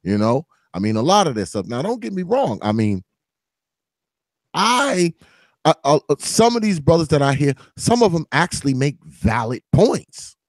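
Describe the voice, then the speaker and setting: A man's voice: fairly high pitch, sing-song, normal speed, no echo. A man hosting a podcast in casual, loose chat, swearing freely and laughing often. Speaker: podcast host.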